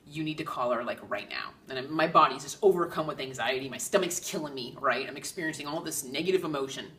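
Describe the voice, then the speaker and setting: A woman with a low yet bright, sharp voice tells stories as a medium in casual, lively talk. She jumps into quoted dialogue, raising her voice for the other people in the story. She sits a little back from the mic. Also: fast talker, recorded from a distance. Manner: animated, acts out quoted dialogue in raised voice.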